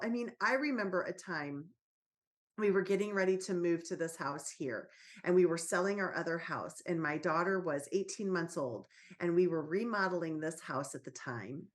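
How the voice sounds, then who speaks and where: A woman, a parenting author and guest on a podcast, talks in an earnest, reassuring way and tells stories from her own life as a mother. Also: lowish voice. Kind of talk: casual podcast conversation.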